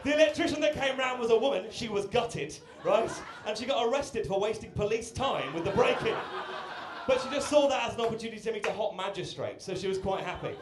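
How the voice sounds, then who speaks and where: Cheeky British comedian, lively high voice. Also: male voice, brisk, noisy background. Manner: cheeky, chatty, banters with the crowd. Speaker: stand-up comedian. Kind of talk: stand-up set. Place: comedy club on stage. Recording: roomy club with loud crowd.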